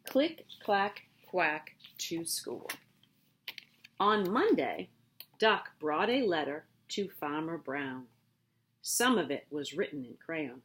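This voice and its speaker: A woman teacher reading a picture book aloud to her students, with expressive, drawn-out storytelling. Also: deep voice.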